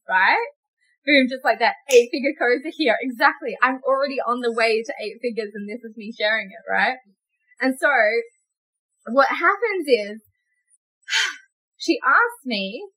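Woman, solo podcast host, effusive delivery, bright forceful tone, pitched a bit high. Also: animated, measured pace, pauses often, slightly rough, rough recording. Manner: effusive, repetitive, laughs often, acts out quotes. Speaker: business coach podcast host. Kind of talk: excited solo podcast monologue.

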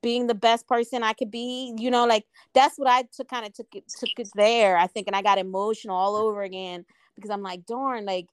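A woman's voice: on the high side, fairly even intonation, brisk, few pauses, smooth, no echo. A woman co-hosting a podcast, talking in a reflective, earnest casual way. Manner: reflective, earnest, many "like" fillers. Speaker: podcast co-host. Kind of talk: casual chat.

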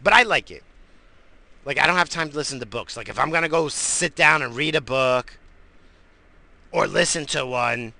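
Gravelly, bright-voiced ranting podcast man. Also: mid-range voice, lively intonation, normal speed, long pauses. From family from the Azores. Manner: rambling, swears constantly, stammers on restarts. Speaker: podcast host. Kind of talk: profane casual rant.

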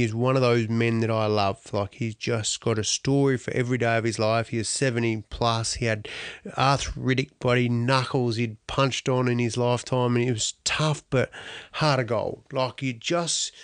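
Middle-aged Australian athlete, blunt and salty, telling stories in a dry, close recording. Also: male voice, mid-range voice, dry recording. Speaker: interviewee, athlete. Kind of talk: storytelling interview answer.

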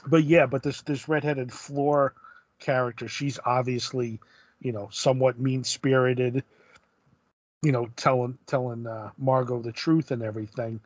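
A man's voice: mid-range voice, level tone, a little slow, no echo. Thoughtful man, dull lo-fi sound. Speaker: podcast co-host. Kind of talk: casual chat about a comic book.

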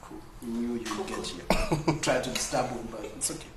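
A man's voice: medium pitch, moderate pace, reverberant, a little hiss or hum. A man co-hosting a podcast, teasing his friends in playful casual banter and laughing often. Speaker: podcast co-host.

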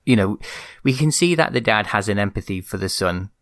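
A man's voice: fairly low pitch, animated, brisk, a bit bright, dry recording. Thoughtful man, dry close sound. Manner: thoughtful, hesitant with repeated words. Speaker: podcast co-host. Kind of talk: casual film podcast chat.

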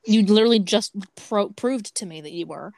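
A woman's voice: medium pitch, brisk, vocal fry, a little mellow, no room sound. A young woman co-hosting a casual podcast, teasing and wry. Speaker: podcast co-host. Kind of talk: casual chat.

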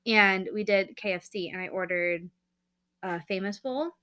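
Bright chatty woman co-hosting a podcast. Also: medium pitch, measured pace. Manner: chatty, rambling, lots of fillers. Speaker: podcast co-host. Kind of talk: casual chat.

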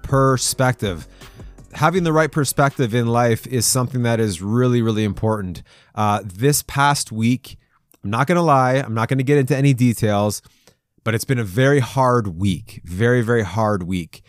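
Guy hosting a faith podcast, chatty and laughing, regular mid voice, bit of quiet music underneath. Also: mid-range voice, moderate pace, no room sound. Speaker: podcast host. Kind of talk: devotional podcast talk.

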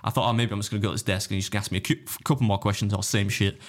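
Guy rattling off a story fast on a podcast, kinda low voice, swears a lot. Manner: animated anecdote-telling, acts out other voices, swears freely, laughs often. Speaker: podcast guest, competitive eater. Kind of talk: casual storytelling chat.

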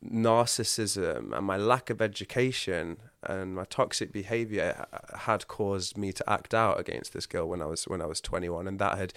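Lowish-voiced man, candid confessions. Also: normal speed, hardly any pauses, a bit bright, clean tone, no room sound, studio quality. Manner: earnest, confessional, frequent restarts. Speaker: podcast guest. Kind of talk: candid personal storytelling.

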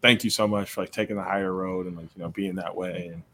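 A young man, a podcast co-host and coach, telling a story in casual chat, animated and laughing, full of filler words. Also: deep voice, quick pace, a little hiss or hum.

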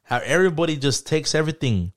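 A man's voice: on the high side, animated, fast talker, slight background noise. A young man co-hosting a casual podcast chat, slangy and profane, rambling as he tells work stories. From Mexican heritage. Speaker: podcast co-host.

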